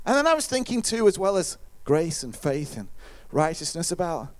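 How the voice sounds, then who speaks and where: A man's voice: fairly high pitch, moderate pace, few pauses. A man preaching a conversational sermon, now and then acting out what his listeners might say. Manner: lively, conversational, acts out listeners' voices.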